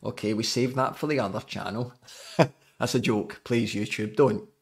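A man's voice: mid-range voice, steady tone, moderate pace, vocal fry, husky. Jokey Scottish man coaching cyclists. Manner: jokey and chatty. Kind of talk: live podcast coaching talk.

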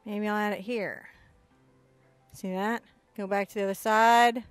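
A woman teaching an acrylic painting lesson, chatty and excitable, often bursting into giggly enthusiasm. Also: mid-range voice, unhurried, pauses often, smooth, dry recording, soft background music. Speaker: art instructor.

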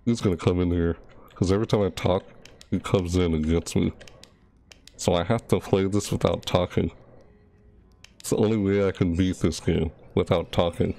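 A man's voice: sits low, fairly even intonation, normal speed, gravelly, long pauses, warm tone, faint music behind. A man commentating on a horror game in a jittery, self-mocking way, over a desk microphone. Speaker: gaming channel host.

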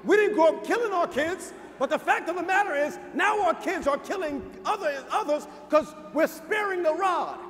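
A man with a high-pitched voice delivers a sermon from a pulpit. His delivery is emphatic and informal, with shouted peaks. Long reverb from a large hall hangs on every line, with faint noise underneath. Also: lively intonation. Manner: emphatic, preaching with shouted peaks and slowed lines; informal, addresses crowd as y'all. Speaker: pastor.

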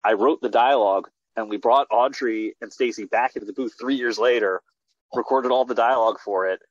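Man, filmmaker guest, excited rambling with restarts, dull lo-fi video call audio, dry sound. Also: mid-range voice, brisk, no echo. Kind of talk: casual interview talk.

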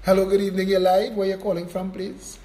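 A man's voice: sits high, level tone, quick pace, noisy background. A man hosting a political call-in show, upbeat and reassuring with callers.

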